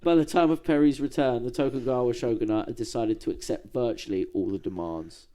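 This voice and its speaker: A man's voice: mid-range voice, a little fast, warm tone, slight background noise. A man co-hosting a podcast, retelling history in a casual, slangy, joking way. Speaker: podcast co-host.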